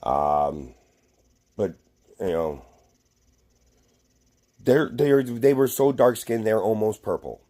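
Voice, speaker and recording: Man, low mellow voice, rambling casual rant, profane, lots of fillers. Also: lively intonation, slow, pauses often. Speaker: vlogger.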